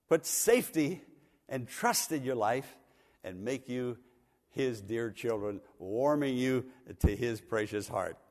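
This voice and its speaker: A man's voice: mid-range voice, a little mellow. An older man, a pastor, telling a folksy story in a sermon, chuckling as he goes. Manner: folksy, chuckles through his stories. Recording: long hall reverb.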